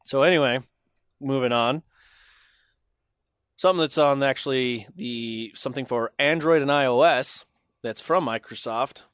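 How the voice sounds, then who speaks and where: A man's voice: medium pitch, measured pace, long pauses, clear, resonant tone, no room sound. Male podcast host, mid voice, laid-back, moves topics along; dry sound. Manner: relaxed, steers the talk between stories. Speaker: podcast host leading segments. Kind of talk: casual tech chat.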